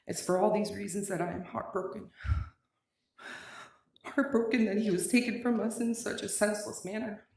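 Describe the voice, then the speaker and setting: A woman speaking as the victim's sibling, reading a prepared statement in a courtroom in a measured, solemn way. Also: mid-range voice, fairly even intonation, vocal fry, darkish tone, a little hiss or hum. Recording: echoey courtroom audio from far off.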